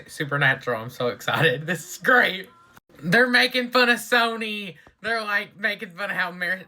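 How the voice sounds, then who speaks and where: A speaker reacting to a TV episode in a casual running commentary, excitable and anxious, gasping and shouting at the big moments. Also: mid-range voice. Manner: excitable, gasps and shouts at surprises, keeps saying she's worried. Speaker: TV reaction reviewer.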